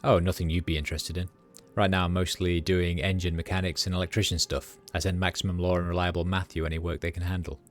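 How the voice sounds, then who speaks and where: A man's voice: low voice, flat delivery, quick pace, faint music behind, close to an everyday voice. A man doing a hungover Midwestern street doctor. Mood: easygoing. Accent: Midwestern American. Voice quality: loose, words piling together. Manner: jokey, laid-back, boastful. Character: hungover cheerful middle-aged male street doctor. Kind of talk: reading game dialogue aloud on a livestream.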